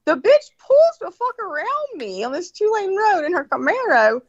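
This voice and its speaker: Woman guest, swears a lot, chatty storyteller, pitch jumps all over, dull muffled line. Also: normal speed, no room sound. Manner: profane, animated, many fillers and restarts. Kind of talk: casual storytelling chat. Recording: dull lo-fi sound, dry.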